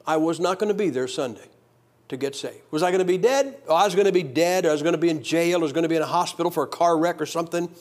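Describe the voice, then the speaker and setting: At a quick pace and fairly high pitch, a man delivers a revival sermon built on his own testimony, animated and storytelling, alternating loud passages with hushed ones.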